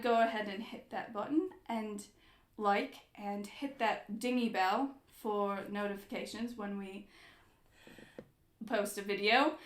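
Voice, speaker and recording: A woman's voice: on the high side, fairly bright tone, echoey room. A woman doing a put-on posh English accent as a prim greeter.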